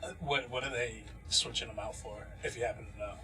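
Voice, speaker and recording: Male co-host, mid-pitched, puzzled questioning manner in casual chat. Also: steady tone, a little fast, bright, forceful tone. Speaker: podcast co-host.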